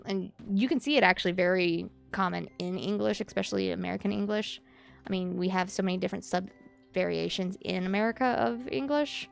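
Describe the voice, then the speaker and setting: A woman's voice: medium pitch, brisk, vocal fry, faint music behind. A woman from Louisiana chatting with her stream chat while she plays a game, musing and reading comments aloud.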